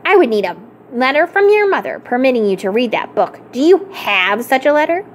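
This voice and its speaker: A woman's voice: high-pitched, very animated, fairly quick, a little hiss or hum, voice pushed up. A woman reading aloud, voicing a stern, sour old woman librarian in a clipped, disapproving way.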